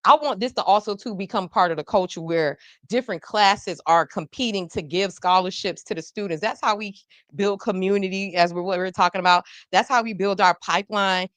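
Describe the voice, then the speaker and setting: A woman's voice: medium pitch, brisk, few pauses, a bit bright, dry recording. A woman hosting a casual live podcast, talking animatedly and speaking directly to her viewers. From South Florida. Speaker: podcast host.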